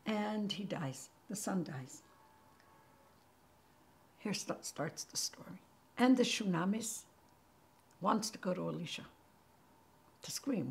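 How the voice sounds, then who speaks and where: A woman hosting and teaching a Torah class, telling the story with animated energy and sometimes dropping to a near-whisper for emphasis. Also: mid-range voice, a little slow, vocal fry, pauses often.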